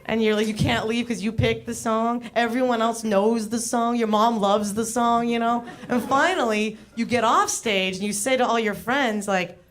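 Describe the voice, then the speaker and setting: A woman's voice: on the high side, fairly even intonation, moderate pace, few pauses. A young adult woman delivers a stand-up set on a comedy club stage. She is chatty and self-deprecating. Her delivery is loose and full of casual fillers.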